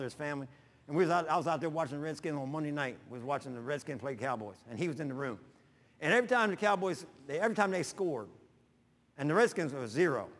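A man pastor preaching in a folksy, animated way, telling personal stories with sudden loud bursts. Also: a little high, long reverb tail.

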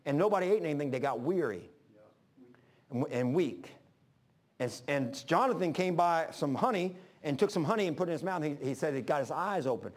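A man preacher telling a sermon story, emphatic and swinging between loud and hushed. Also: fairly high pitch, expressive, brisk.

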